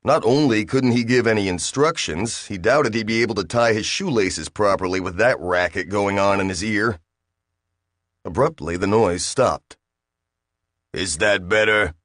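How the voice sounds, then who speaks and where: Low-voiced male audiobook narrator. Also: normal speed, fairly bright tone, dry recording, studio quality. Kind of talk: scripted narration.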